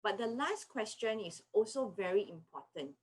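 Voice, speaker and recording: Lady in her 30s, psychologist giving parenting tips, calm and patient, acts out what she'd tell her kid. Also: medium pitch, moderate pace, breathy edge, low-quality recording. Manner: gentle, explanatory, acts out what she says to children. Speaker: clinical psychologist. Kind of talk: parenting advice talk.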